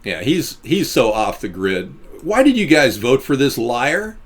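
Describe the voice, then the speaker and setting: Lively sarcastic man hosting a stream. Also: measured pace. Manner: sarcastic, ranting, jokey; swoops between high and low voices. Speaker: live stream host. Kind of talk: live stream chat with viewers.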